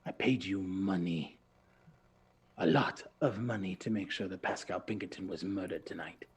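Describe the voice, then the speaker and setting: A man's voice: low voice, moderate pace, husky. A man voicing an ambitious male noble schemer who blusters when confident and stammers when frightened. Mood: angry.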